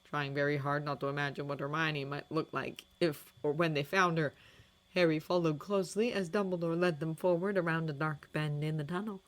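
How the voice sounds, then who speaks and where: A woman narrating a fan fiction audiobook with expressive, dramatic storytelling. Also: sits low, brisk.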